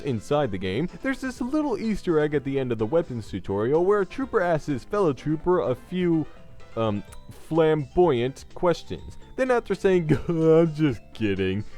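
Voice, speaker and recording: A man hosting a scripted video game commentary, talking sarcastically and crudely. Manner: sarcastic and crude, with lively swings in pitch. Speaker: gaming commentary host.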